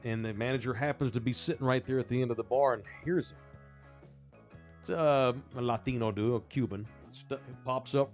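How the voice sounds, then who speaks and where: Male podcast host, casual storyteller, animated and profane, acts out the people in his story. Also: medium pitch, moderate pace, faint music behind.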